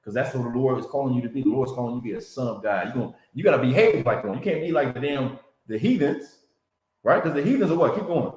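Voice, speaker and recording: A man's voice: mid-range voice, animated, fast talker, a little mellow. A man teaching a Bible class in a preaching style, repeating himself and checking in with "you understand?" and "man.". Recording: roomy echo.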